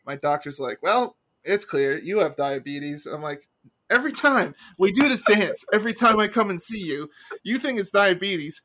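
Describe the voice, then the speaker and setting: Podcast co-host: man with a somewhat high voice, blunt, swearing, mock-angry rants. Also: lively intonation, normal speed, bright, forceful tone. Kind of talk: casual chat.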